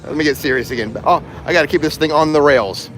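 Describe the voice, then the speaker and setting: Strolling through a theme park on a casual livestream, this host cracks jokes and laughs at them himself. His voice is fairly high and fairly bright, and he speaks fast while music and crowd sounds play in the background.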